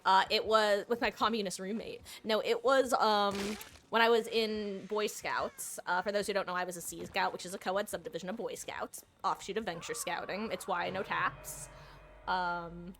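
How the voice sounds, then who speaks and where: A woman's voice: mid-range voice, steady tone, normal speed, a bit bright, a little hiss or hum. A young woman streaming a game, sleep-deprived and yawning, chatting in a rambling, giggly, self-deprecating way. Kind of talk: casual gaming stream chat.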